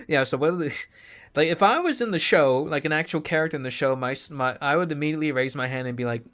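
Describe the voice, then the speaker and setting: A man's voice: fairly high pitch, animated, quick pace, fairly bright tone. A man ranting casually to his stream chat, sarcastic, swearing freely, laughing often.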